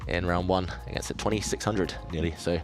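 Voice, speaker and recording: A man with a low, deep voice talks through his chess moves on a live stream. He thinks aloud, chats easily with his viewers and pokes fun at himself. Soft music plays faintly behind him. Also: fairly even intonation, a little fast. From southeast England. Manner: thinks aloud, self-deprecating, chatty with viewers. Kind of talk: casual live-stream commentary while playing.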